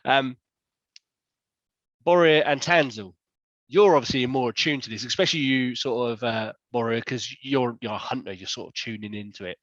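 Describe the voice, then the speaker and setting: A man runs a tabletop game as its game master, describing scenes in a loose, rambling way that keeps correcting itself. His voice sits at a middling pitch. The audio is dull and dry, with no room sound. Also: moderate pace, a bit bright, dry recording.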